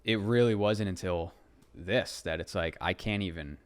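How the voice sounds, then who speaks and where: Easygoing young man, low voice. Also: normal speed. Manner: relaxed, agreeable, with "it's like" fillers. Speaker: podcast co-host. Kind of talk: casual chat.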